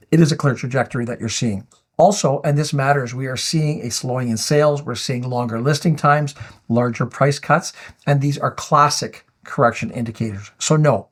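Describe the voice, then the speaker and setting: A man hosting a finance video, answering viewer comments in a firm, explanatory way. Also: mid-range voice. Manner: firm, rebuttal-style, reading out viewer comments.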